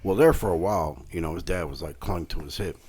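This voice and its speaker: A man in his thirties co-hosting a podcast, telling stories in a casual, animated way and swearing a lot. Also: low voice, quick pace, crowd noise. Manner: animated, swears a lot, loud when retelling. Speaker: podcast co-host. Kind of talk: casual storytelling chat.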